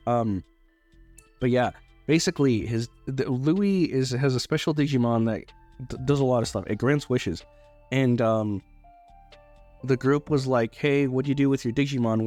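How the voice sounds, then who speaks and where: A man's voice: medium pitch, darkish tone. A young man casually recapping a movie, rambling with loose, swearing talk and frequent restarts. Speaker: YouTuber reviewing a movie.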